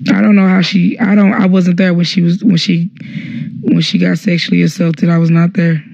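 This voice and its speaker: Young man, high voice, casual live-stream storytelling, rambling, lots of swearing, acts out quotes, dull lo-fi phone audio. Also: flat delivery, normal speed, vocal fry, darkish tone, husky, no room sound.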